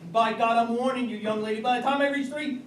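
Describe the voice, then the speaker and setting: A man's voice: very high voice, steady tone, fast talker. An actor playing a harried, blustering middle-aged father of the bride on stage, heard from a distance in an echoey room with background noise. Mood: stern. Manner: blustering, exasperated. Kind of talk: stage play performance.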